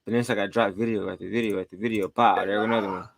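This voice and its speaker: A man's voice: fairly low pitch, steady tone, rapid-fire, gravelly. A man hosting a podcast, giving heated commentary on played clips and taunting the people in them. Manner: taunting, scolding listeners. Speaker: podcast host.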